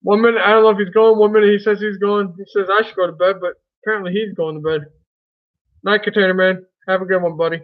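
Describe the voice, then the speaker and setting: A man's voice: high-pitched, fairly even intonation, quick pace, narrow, tinny audio. A man hosting a casual live stream, chatting in a folksy way and greeting viewers by name.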